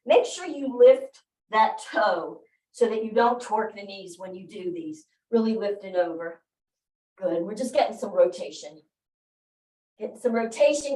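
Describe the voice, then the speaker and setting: A woman leading a workout class, cueing moves, counting reps and encouraging her group. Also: medium pitch. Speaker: fitness instructor. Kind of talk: live workout class instruction. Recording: roomy, mic far off.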